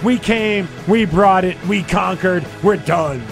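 Guy hosting a podcast, high gravelly voice, faint music under it. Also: slow. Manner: jokey, upbeat. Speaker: podcast host. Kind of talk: casual podcast banter.

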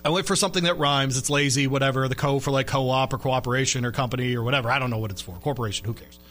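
A man's voice: mid-range voice, steady tone, very fast, fairly bright tone. A man hosting a sports radio show, chatting loosely and laughing often while reading listener texts. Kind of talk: casual sports radio chat.

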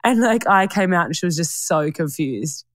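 A woman's voice: lowish voice, lively intonation, moderate pace, no room sound. A young woman co-hosting a podcast, chatting casually in slang and laughing often. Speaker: podcast co-host. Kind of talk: casual chat.

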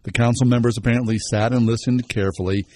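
A man's voice: mid-range voice, steady tone, quick pace, warm tone. A man co-hosting a radio show, chatting casually and telling stories with plenty of fillers. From Pittsburgh.

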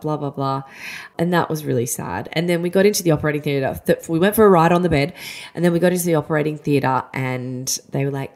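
A woman's voice: low-pitched, quick pace, a little mellow. A woman, a mum podcaster, casually and candidly telling a personal story with a chatty, self-deprecating manner.

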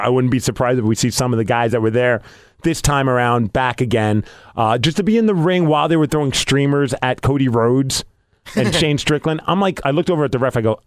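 A man co-hosting a casual podcast, telling a story with animated, acted-out dialogue. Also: mid-range voice, dry recording, studio quality. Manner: animated storytelling, acting out quoted lines.

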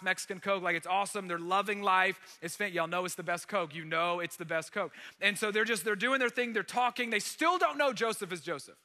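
A pastor telling a Bible story in a casual sermon, acting out the quotes. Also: male voice, high-pitched, sharp tone, long reverb tail.

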